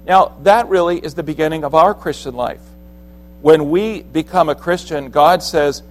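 A man's voice: fairly high pitch, normal speed, rough recording. A man preaching a sermon in an earnest, conversational way, often restarting his sentences as he explains.

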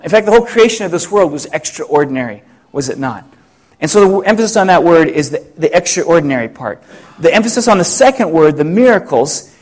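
A middle-aged pastor preaching a sermon, reflective and full of rhetorical questions, with frequent restarts. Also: male voice, fairly high pitch.

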